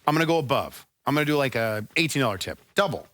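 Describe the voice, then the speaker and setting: Lively joking male co-host. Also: mid-range voice, quick pace, dry recording. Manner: joking, animated, plays with voices. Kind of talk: casual podcast banter.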